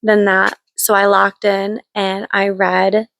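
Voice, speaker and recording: A woman's voice: mid-range voice, completely flat delivery, slow pace, fairly bright tone, no echo. A young woman chatting casually in a book vlog, gushing about what she reads, with frequent likes and ums. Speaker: book vlogger. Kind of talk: casual read-along vlog chat.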